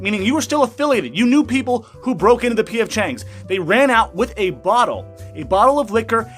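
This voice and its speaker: A young man with a high, light voice delivers a profane, sarcastic rant about the news. He cuts in with angry asides while reading out an article, and faint music plays underneath. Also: fairly bright tone. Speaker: commentary YouTuber. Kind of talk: ranting news commentary.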